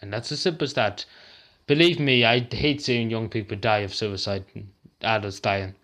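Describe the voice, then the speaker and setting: A man's voice: on the low side, normal speed, a bit bright. Angry Irish man ranting to camera. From Ireland. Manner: agitated, swearing, repeats himself. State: upset, close to tears. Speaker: vlogger.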